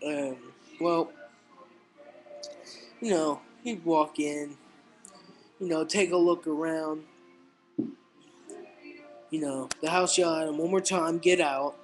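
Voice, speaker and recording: A teenage boy telling jokes in a casual, rambling way, halting with fillers and restarts. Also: a little high, fairly even intonation, soft background music, poor audio. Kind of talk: casual stand-up style joke telling.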